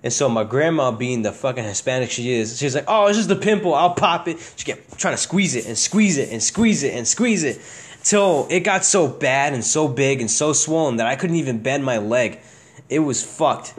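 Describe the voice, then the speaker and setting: A man's voice: mid-range voice, lively intonation, normal speed. A young man hosting a podcast, telling childhood stories in casual chat, swearing freely and laughing often. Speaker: podcast host.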